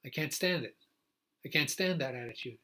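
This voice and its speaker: Older male activist, bright, tense voice, rambling, choked-up solo livestream rant with indignant flare-ups. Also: a little high, normal speed, a little hiss or hum. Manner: emotional, rambling, with many restarts and sudden indignant outbursts.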